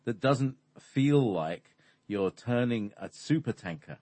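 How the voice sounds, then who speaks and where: A man explaining spiritual ideas in conversation, halting and full of fillers. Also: mid-range voice, animated, mellow, no room sound. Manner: hesitant, halting, many fillers. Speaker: spiritual teacher.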